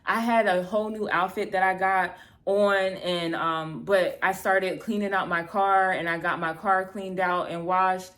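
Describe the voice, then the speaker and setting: A woman's voice: lowish voice, measured pace. Exasperated woman telling a dating story. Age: 30s. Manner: animated, exasperated, acts out both sides of dialogue; heavy filler "like", casual swearing. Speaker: vlogger. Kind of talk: storytime vlog, casual retelling.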